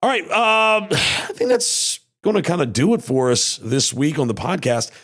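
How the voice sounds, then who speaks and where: A man's voice: fairly high pitch, big pitch swings, moderate pace, a bit bright. A man hosting a casual local podcast. He talks in an easygoing, rambling, folksy way, and his voice sounds worn and strained. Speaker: podcast host.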